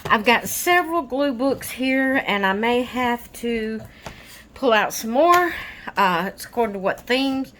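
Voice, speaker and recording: A woman with a fairly high voice chats slowly through a casual crafting vlog. She sounds a little out of breath and rambles in an easygoing way. Faint background noise sits under her voice. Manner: slow, rambling, relaxed. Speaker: crafting vlogger. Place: home with dogs, rainy day.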